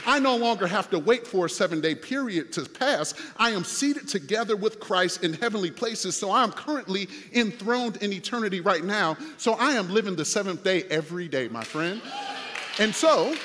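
A man preaching a sermon as pastor, animated, with playful asides and rising to shouts. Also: sits high, normal speed, big-room sound.

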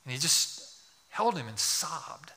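A man's voice: on the high side, sing-song, takes it slowly, bright, forceful tone, slight background noise. A man, a pastor, preaching a sermon to his congregation, telling a story and building to fervent pleas. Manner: storytelling, rising to fervent pleading. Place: church sanctuary.

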